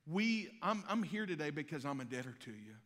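A man preaches from the pulpit with a high, bright, ringing voice. He tells stories with animation, slipping into the other characters' voices as he goes. Long reverb from the large church hall hangs behind every phrase. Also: a little fast. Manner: animated storytelling, acts out voices. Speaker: pastor. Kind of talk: sermon. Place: church auditorium.

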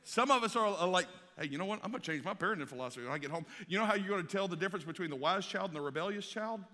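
Preacher guy, folksy and punchy, bright ringing voice, big echoey hall. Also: high voice, expressive, very fast. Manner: folksy, punchy, swings from loud to hushed. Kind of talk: sermon to a youth audience. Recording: reverberant hall.

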